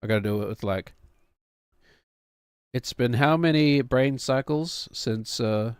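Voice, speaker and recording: A man's voice: medium pitch, unhurried, clear, resonant tone, no room sound, studio quality. A man in his thirties, a streamer who chats casually in a rambling, wry, self-mocking way. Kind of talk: casual chat.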